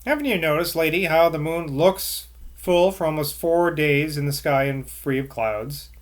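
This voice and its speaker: A man's voice: on the high side, moderate pace, natural voice. A man voicing an eager, earnest young man who talks emphatically.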